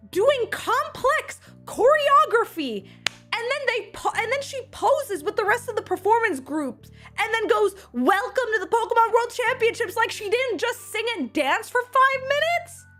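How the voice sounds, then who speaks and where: A woman's voice: extremely high pitch, a bit bright. A woman streamer chatting casually with her viewers, bubbly and effusive, reacting to chat as she tells stories. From Seattle area.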